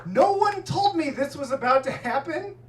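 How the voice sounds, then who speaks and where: A man doing a stand-up set, telling stories in an animated way and laughing at his own jokes in a comedy club. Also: very high-pitched, moderate pace, noisy background. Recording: roomy club sound, mic at a distance, audience laughter.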